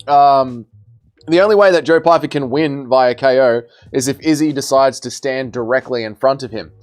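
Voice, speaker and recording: A man's voice: mid-range voice, normal speed. A young man hosting a casual livestream, bantering as he reads and answers viewers' chat messages. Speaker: livestream host.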